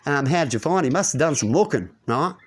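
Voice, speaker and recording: A man's voice: on the high side, animated, fast. A man delivering a rambling monologue to his channel, constantly tagging his points with a rhetorical "right?". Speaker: channel host. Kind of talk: ranting monologue to camera.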